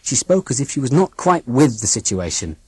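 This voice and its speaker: Expressive, slightly breathy audiobook narrator. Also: medium pitch, a little fast, dry recording. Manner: dramatic, expressive reading. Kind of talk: first-person storybook narration.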